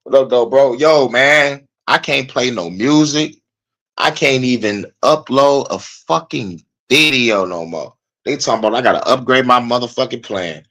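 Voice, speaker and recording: Young male streamer, casual and cussing, animated frustrated rant. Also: moderate pace. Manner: profane, animated, frustrated venting with swings in pitch and loudness. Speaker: podcast host.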